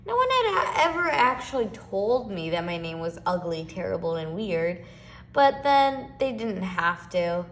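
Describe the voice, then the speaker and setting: Female storybook reader, expressive, faint hum behind. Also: mid-range voice, measured pace. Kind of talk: reading a children's picture book aloud.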